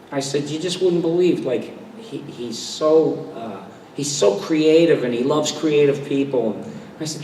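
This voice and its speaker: An older man, a voice actor on a convention panel, telling animated anecdotes and slipping into quoted voices. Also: medium pitch, a little hiss or hum. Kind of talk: storytelling at a fan panel. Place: large convention hall. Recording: echoey convention hall mic from a distance.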